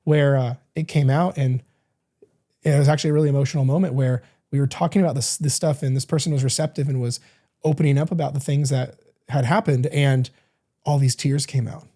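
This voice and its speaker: A man's voice: mid-range voice, fairly even intonation, a little fast, mellow. A man hosting a podcast as a coach, talking in an earnest, rambling way with frequent restarts and self-corrections. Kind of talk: casual reflective podcast monologue.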